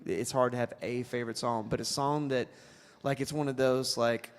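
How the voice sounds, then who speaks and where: A man's voice: medium pitch, moderate pace, smooth, big-room sound. A man working in a guitar shop, co-hosting a live Q&A in casual, joking chat. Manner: joking, animated, breaks into sung and put-on bits. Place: music store.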